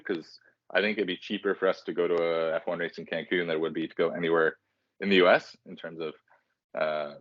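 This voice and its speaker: A man with a very low voice co-hosts a casual podcast. He rambles, filling gaps with ums and joking at his own slips. The sound is dry and slightly dull. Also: a bit bright, dry recording. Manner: rambling, self-deprecating, casual filler-heavy. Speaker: podcast co-host.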